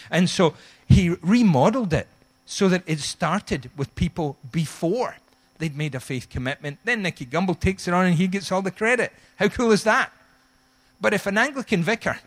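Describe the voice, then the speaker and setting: A man with a Scottish accent preaching a sermon, telling stories and acting out the people in them. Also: a little high. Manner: animated storytelling, acts out quoted voices. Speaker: pastor.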